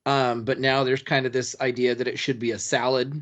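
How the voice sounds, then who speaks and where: A man in casual podcast chat, a co-host of middle pitch who thinks aloud as he explains. He rambles a bit and fills pauses with um and like. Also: flat delivery, fairly bright tone. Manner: thoughtful, rambling explanations with fillers.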